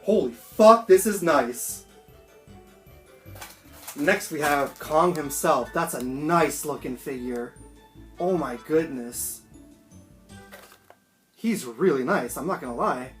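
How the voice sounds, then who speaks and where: A man chatting excitedly and swearing casually through a home unboxing vlog. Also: on the high side. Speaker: toy collector vlogger. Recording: roomy echo, faint background music.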